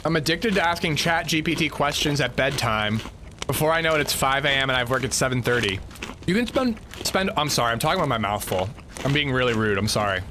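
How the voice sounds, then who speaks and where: A man's voice: medium pitch, noisy background. A man livestreaming a game, chatting casually and rambling while he reads chat aloud.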